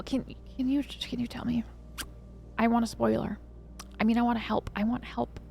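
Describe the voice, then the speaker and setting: A young woman streaming a game live, chatting casually and dramatically with her viewers, swinging from excitement to mock sadness. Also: fairly high pitch, normal speed. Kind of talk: casual live-stream chat while gaming. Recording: faint music behind.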